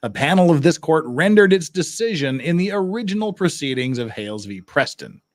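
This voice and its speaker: A man's voice: fairly high pitch, sing-song, a little fast, no room sound. A man co-hosting a casual legal talk show, reading court filings aloud and adding dry, jokey asides. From Utah. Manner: dry, jokey asides between read passages. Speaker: podcast co-host.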